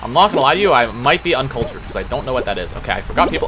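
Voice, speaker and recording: A young man streaming a game live, chatting and joking with his chat and shouting at the game. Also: medium pitch, sing-song, racing, few pauses, faint music behind. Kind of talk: live gaming stream commentary.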